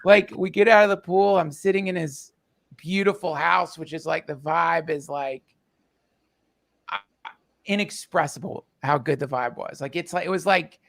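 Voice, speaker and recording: Man, higher voice with gravel, tells a story haltingly with feeling. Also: fairly bright tone. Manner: emotional, halting, many fillers and restarts. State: tearful. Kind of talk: casual storytelling.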